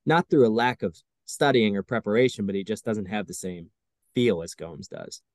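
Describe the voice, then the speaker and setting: A man's voice: on the low side, expressive, moderate pace, a little mellow, no room sound, clean studio sound. A man hosting a podcast, talking baseball in a casual, wry, self-mocking way. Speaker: podcast host.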